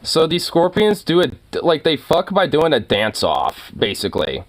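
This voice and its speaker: A man's voice: on the high side, wildly swooping pitch, moderate pace. A man giving casual reaction commentary, rambling and profane, with many fillers. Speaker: streamer reacting to a video.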